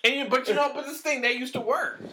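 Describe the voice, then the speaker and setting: A man chatting casually on a podcast, making halting remarks that trail off and chuckling often. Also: extremely high pitch, pushed and bright, slight background noise. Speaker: podcast co-host.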